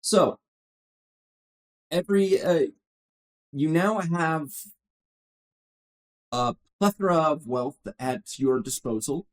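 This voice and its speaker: A man running a tabletop game as game master, chatting casually and halting often on filler sounds before returning to the story. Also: fairly high pitch.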